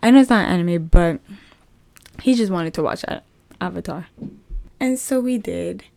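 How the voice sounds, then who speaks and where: Young woman podcaster, kinda low voice, rambly and chatty, super dry close sound. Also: normal speed, creaky, darkish tone, dry recording. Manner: chatty, rambling, with many fillers. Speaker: podcast host. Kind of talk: casual faith testimony.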